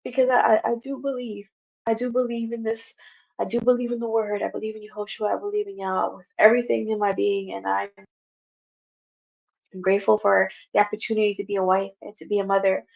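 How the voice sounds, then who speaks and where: A woman's voice: medium pitch, flat delivery, fairly quick, creaky, a little mellow. A woman hosting a Bible study, teaching earnestly and repeating her phrases. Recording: dull lo-fi recording.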